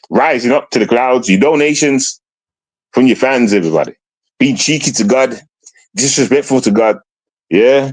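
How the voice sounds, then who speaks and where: A man's voice: medium pitch, no room sound. A male streamer talking in casual stream chat, taunting and swearing a lot.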